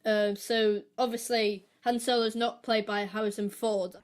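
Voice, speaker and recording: A woman co-hosting a film podcast, reading her prepared reviews and recommendations in a steady, measured way. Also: on the high side. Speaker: podcast co-host.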